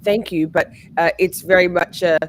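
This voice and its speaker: A woman with an Australian accent in casual livestream chat, in her morning voice, hesitant with frequent ums and throat clearing. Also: fairly low pitch, fairly even intonation, normal speed, slight background noise. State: morning voice, just woke up. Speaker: guest true-crime streamer.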